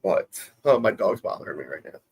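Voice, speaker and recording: A man's voice: deep voice, sing-song, brisk, gravelly, breathy edge. A man co-hosting a casual stream in a laid-back, joking way, laughing often. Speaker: regular co-host. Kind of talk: casual chat.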